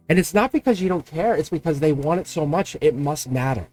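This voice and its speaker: Guy doing a live tarot reading, kinda high voice, bouncy, repeats stuff, laughs a lot. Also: normal speed, soft background music. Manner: animated, repetitive, chuckling. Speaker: tarot reader.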